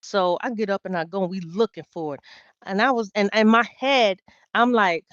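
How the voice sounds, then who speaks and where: A woman guest on a podcast, telling a personal story in casual talk, swearing freely and swinging from loud outbursts to quiet asides. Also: medium pitch, normal speed, no room sound, dull audio. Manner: profane, animated, swings loud then quiet.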